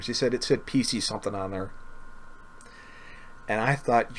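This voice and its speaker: A man's voice: medium pitch, normal speed, pauses often, slight background noise. A man casually telling a personal story to camera, earnest and often repeating himself or stumbling over words. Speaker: gaming video creator.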